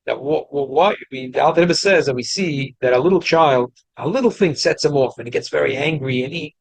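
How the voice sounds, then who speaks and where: A man's voice: on the high side, fairly quick, creaky, dry recording. A man giving a Torah class to a study group, explaining with frequent restarts and Hebrew and Yiddish terms. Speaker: rabbi teaching a study group.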